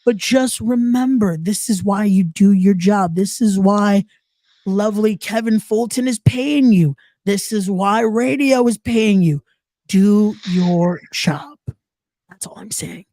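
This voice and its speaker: A man's voice: sits high, measured pace, a little mellow, dry recording. A man hosting a wrestling podcast in casual chat, often repeating himself and trash talking rivals playfully. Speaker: podcast host.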